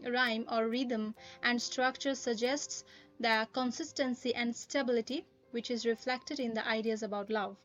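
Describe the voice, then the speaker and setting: A woman lecturing on a poem in a careful, explanatory way, often pausing with "uh" as she works through her points. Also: a little high, highs cut off. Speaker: literature teacher. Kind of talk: recorded poetry lesson.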